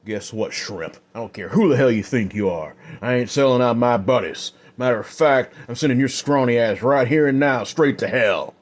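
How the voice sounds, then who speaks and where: A loud, swaggering drunk outlaw , as a man puts him on in a spoken Western tale. His voice is rough and pushed a bit higher. He talks brash and mean. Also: moderate pace, few pauses, close to an everyday voice. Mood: defiant.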